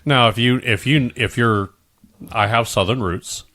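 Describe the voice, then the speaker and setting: A Midwestern man co-hosts a podcast, chatting casually and rambling, restarting often and slipping into goofy put-on voices. His voice is mid-range, bright and forceful, and he speaks at a measured pace.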